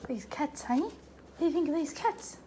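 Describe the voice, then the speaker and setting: A woman's voice: sits high, lively intonation, normal speed, dark tone, a little hiss or hum. A woman vlogging in a chatty, casual way, cooing at her pets. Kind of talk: casual vlog chat. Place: outdoors in front of an ice cream shop, then at home.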